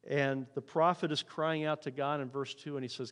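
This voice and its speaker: A man preaching a sermon, reading scripture aloud and voicing the prophet's and God's words in a hushed tone. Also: a little high, fairly even intonation, normal speed, few pauses, long reverb tail. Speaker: pastor.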